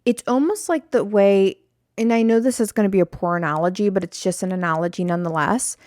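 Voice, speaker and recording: A woman's voice: mid-range voice, fast, a little mellow, no room sound, studio quality. A woman hosting her own podcast, chatting alone in a rambling, self-deprecating way and often drifting off on tangents. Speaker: podcast host. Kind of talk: solo podcast chat.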